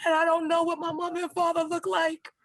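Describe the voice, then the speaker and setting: A woman's voice: very high voice, completely flat delivery, a little fast, no echo, low-quality recording. A woman in her forties, an advocate and organizer, speaking with fiery passion through tears. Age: 40s. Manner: fiery, impassioned, shouting out. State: crying. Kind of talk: emotional podcast testimony.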